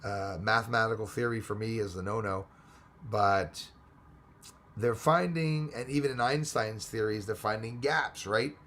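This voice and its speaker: A man with a Texan accent hosting a live stream, reading viewer comments aloud and chatting in a rambling, excitable way. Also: fairly low pitch, measured pace, slight background noise. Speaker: livestream host reading chat. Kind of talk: casual live chat.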